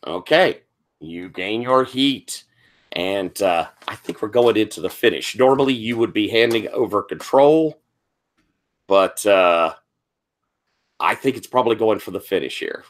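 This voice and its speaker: A man's voice: on the low side, animated, a little slow. A man as game master of a tabletop wrestling game, guiding players with questions over a video call.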